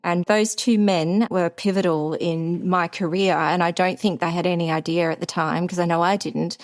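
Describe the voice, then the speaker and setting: A woman in her forties with an Australian accent, co-hosting a podcast and telling a story in lively casual chat, acting out the voices she quotes. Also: on the low side. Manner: animated, acts out quoted voices. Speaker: podcast co-host.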